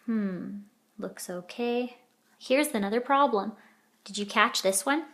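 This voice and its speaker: A woman's voice: a little high, slow pace, a bit bright. A woman teaching a children's editing lesson, patiently sounding out letters and words.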